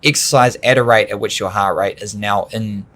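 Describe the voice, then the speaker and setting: A man co-hosting a training podcast, explaining ideas in long, animated, rambling runs with bursts of laughter. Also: fairly low pitch, normal speed. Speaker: podcast co-host. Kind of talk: casual coaching chat.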